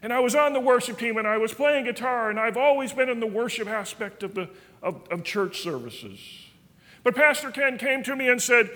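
A man's voice: very high-pitched, animated, normal speed, pushed and bright. A man teaching a Bible study in a church, earnest and folksy, telling stories. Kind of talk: sermon. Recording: reverberant church hall.

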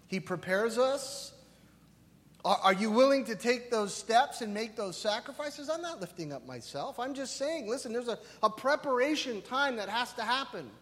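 A male pastor preaching a lively, conversational sermon, often checking in with "right?". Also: very high voice, normal speed. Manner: animated, conversational, keeps asking "right?". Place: church sanctuary. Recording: reverberant hall.

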